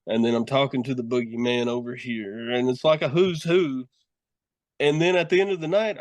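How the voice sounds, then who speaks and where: A man's voice: medium pitch, no echo. A middle-aged man, a pro wrestler and horror host, telling rambling, profane stories in a casual podcast chat. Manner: profane, rambling storytelling with laughs.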